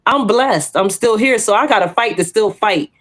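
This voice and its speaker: A woman's voice: medium pitch, normal speed. A woman, sharing her testimony in casual chat as a podcast co-host. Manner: animated storytelling, acts out quoted voices; bold testimony.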